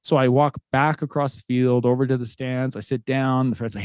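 A man's voice: medium pitch, brisk, darkish tone, clean tone, dry recording. A man in his thirties hosts a podcast and tells a family story in an earnest, conversational way. His voice sits in a middle register. The recording is close and dry. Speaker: podcast host. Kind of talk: casual storytelling.

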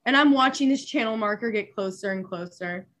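A young woman, a superyacht stewardess, telling a story in casual chat, animated and laughing, with many filler words. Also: medium pitch, a little fast.

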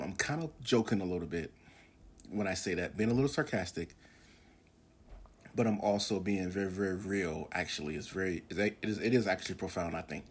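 A man's voice: on the low side, breathy edge. A man in his forties hosting a podcast, talking in an earnest, rambling monologue with many fillers and restarts. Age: 40s. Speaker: podcast host. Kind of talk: casual religious podcast monologue.

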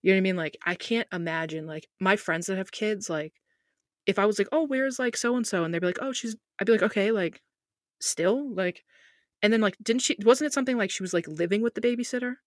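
A young woman talking as a podcast guest in casual chat, animated and talkative, saying "like" a lot. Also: mid-range voice, quick pace, no echo, studio quality. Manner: animated, talkative, heavy use of "like".

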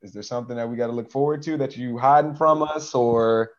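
A male interview host asking relaxed, informal questions. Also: medium pitch, fairly quick. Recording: dull lo-fi audio.

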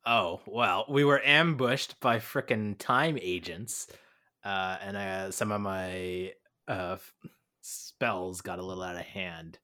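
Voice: sits low, slow, bright, forceful tone, heavily acted. A player voicing a woman who is bluffing her way through as a mad witch, brazen and offhand.

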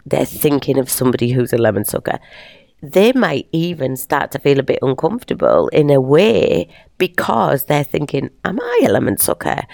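Middle-aged woman, podcast host, low gravelly voice that swings all over, bouncy and jokey. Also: dry recording, studio quality. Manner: animated and playful, laughs often. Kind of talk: casual motivational monologue.

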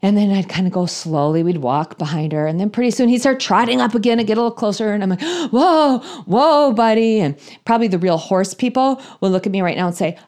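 A woman in her thirties or forties telling a humorous personal story in an animated, self-deprecating way, acting out her own thoughts. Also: medium pitch, quick pace, few pauses.

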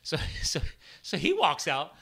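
Bright-voiced man telling a story. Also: a little high, unhurried, vocal fry, breathy edge. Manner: animated retelling, acts out dialogue with lots of "I'm like". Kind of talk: casual storytelling chat.

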